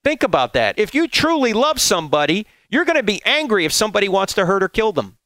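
A man giving a preaching talk, emphatic and rhetorical, sometimes jumping into high mocking voices. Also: very animated, fast, hardly any pauses, fairly bright tone, dry recording. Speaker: apologetics speaker.

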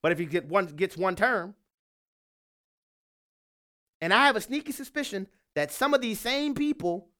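A man's voice: high-pitched, animated, moderate pace, long pauses, bright, forceful tone. A man giving an impassioned political monologue, emphatic and fired up, repeating his points. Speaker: political commentator.

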